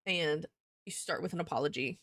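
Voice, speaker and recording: A woman's voice: low-pitched, a little fast, fairly bright tone, dry recording, clean studio sound. A young woman chatting casually on a livestream, rambling and swearing as she talks with viewers. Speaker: streamer.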